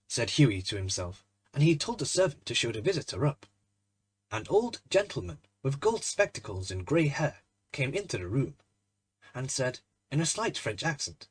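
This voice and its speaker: A man narrating a classic short story in an expressive, measured reading. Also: medium pitch, breathy edge, no room sound.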